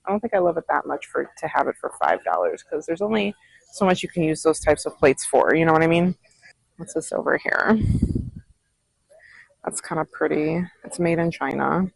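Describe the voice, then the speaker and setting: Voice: medium pitch, animated, normal speed, vocal fry, breathy edge, no echo, poor audio. A thrift vlogger chatting casually while browsing a store, musing aloud over prices with frequent giggles. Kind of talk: casual shopping vlog chat.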